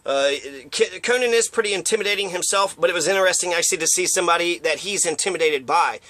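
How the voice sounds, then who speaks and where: Rambling, profane man with a higher voice. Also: fast, bright, forceful tone. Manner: rambling, profane, acts out quotes in mocking voices. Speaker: commentator. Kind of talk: casual opinion monologue.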